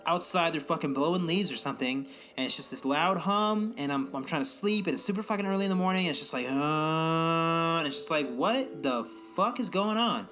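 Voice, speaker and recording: A young man chats on a home podcast in a fairly high voice, rambling and swearing freely as he rants. Faint music plays underneath. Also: animated, a little fast, hardly any pauses, a bit bright. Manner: rambling, profane, exasperated ranting. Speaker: podcast co-host. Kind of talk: casual podcast chat.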